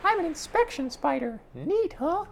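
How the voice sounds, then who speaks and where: A man doing a squeaky little spider. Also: moderate pace, creaky, full character voice. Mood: chirpy. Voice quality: quiet, high-pitched. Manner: childlike, chirpy. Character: tiny giggly spider, high squeaky voice. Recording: steady background noise.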